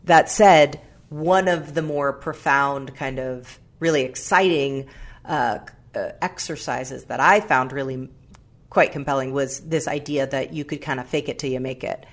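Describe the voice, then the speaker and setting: A woman's voice: rumbling low, unhurried. A woman guest on a radio interview, talking reflectively and stopping to search for words. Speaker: guest, writer and actor.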